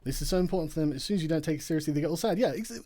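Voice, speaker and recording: A man's voice: on the high side, rapid-fire, warm tone. A man hosting a late-night livestream, tired, reading out chat messages, laughing often and swearing in a mocking tone. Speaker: livestream host. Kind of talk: casual livestream chat reading super chats.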